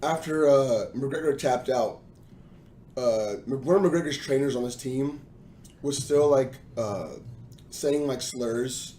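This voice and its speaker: A man co-hosting a podcast, telling animated stories in a casual chat, his voice hoarse from screaming. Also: mid-range voice, takes it slowly, a little hiss or hum. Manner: animated anecdote-telling with laughs. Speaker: podcast co-host. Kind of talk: casual storytelling.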